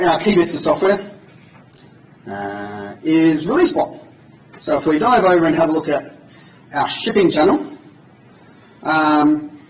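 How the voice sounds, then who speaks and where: A man at a conference giving an informal, joking live coding demo to an audience in a large hall. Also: a little high. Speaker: conference speaker. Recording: echoey hall from far off.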